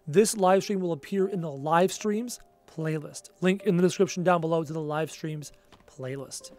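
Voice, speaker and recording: A man's voice: on the high side, normal speed, faint music behind. Tired, chatty man streaming late. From Canada. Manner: chatty and rambling, trailing off quietly at phrase ends. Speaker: gaming livestreamer. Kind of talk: casual livestream chat, reading viewer comments aloud. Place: home.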